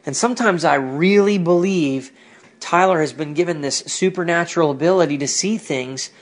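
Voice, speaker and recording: A man's voice: a little high, moderate pace. A man giving personal religious commentary on his own show, earnest and reflective. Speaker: podcast host with a ministry.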